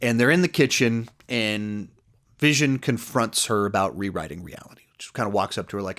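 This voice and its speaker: A man's voice: fairly low pitch, normal speed, fairly bright tone. A man giving a casual spoken review of a TV episode, rambling through the plot with lots of "like" and "you know" and acting out the characters' lines. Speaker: TV series reviewer.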